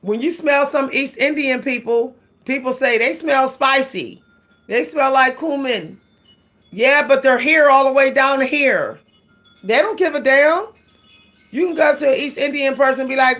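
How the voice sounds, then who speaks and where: A woman's voice: sits high, moderate pace, a bit bright, faint music behind. Chatty woman vlogger, laughing often. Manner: chatty, laughs often, addresses viewers as y'all. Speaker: hair care vlogger. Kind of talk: casual chat to camera.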